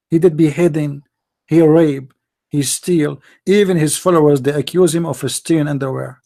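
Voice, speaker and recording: A man's voice: a little high, steady tone, normal speed, vocal fry, dark tone. A man hosting a live debate stream, arguing emphatically with rhetorical questions and non-native grammar. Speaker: live debate show host.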